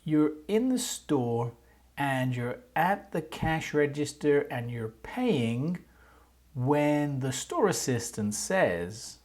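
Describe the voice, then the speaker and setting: An English teacher explaining a grammar lesson clearly and patiently, speaking example questions aloud. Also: medium pitch, animated, slow, darkish tone.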